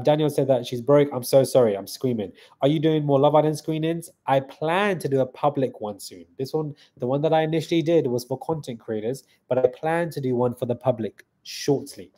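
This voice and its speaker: A man hosts a live stream in a loose, chatty way, reading viewer comments aloud and answering them on the fly. His voice sits at a middling pitch with a mellow, warm tone. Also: brisk, few pauses.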